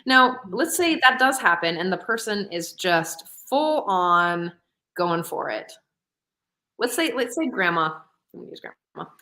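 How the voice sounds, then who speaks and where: Animated, laughing woman co-host. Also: medium pitch, a little slow. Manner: animated, laughs often, acts out quotes. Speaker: podcast co-host. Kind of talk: casual chat.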